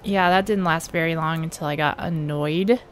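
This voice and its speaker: A woman's voice: deep voice, fairly even intonation, moderate pace, slight background noise. A woman giving casual game commentary at home, joking and impatient, talking back to the characters. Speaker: let's play gamer.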